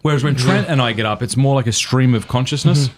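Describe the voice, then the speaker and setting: A man's voice: medium pitch, fast talker, a little hiss or hum. A man with an Australian accent, hosting a casual podcast chat and joking around. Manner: joking, laughs easily. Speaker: podcast host.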